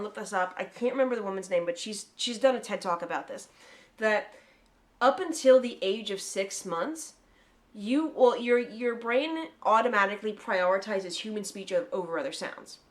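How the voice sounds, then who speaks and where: A woman co-hosting a podcast, chatting casually with a mid-range voice. She talks in an animated way and swears freely. She launches into long, eager explanations. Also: mid-range voice, normal speed. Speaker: podcast co-host. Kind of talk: casual chat.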